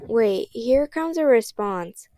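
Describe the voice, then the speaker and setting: A woman's voice: fairly high pitch, animated, takes it slowly, dark tone, dry recording. A woman reading the part of a nervous, bookish young boy who talks hesitantly. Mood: worried.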